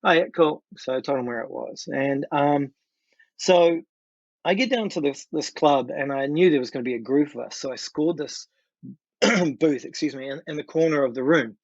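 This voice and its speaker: A man in his fifties with a New Zealand accent, telling a story as a podcast guest in an animated way and acting out what people said. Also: fairly high pitch, normal speed, dry recording, muffled recording. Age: 50s. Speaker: guest musician. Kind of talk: casual storytelling.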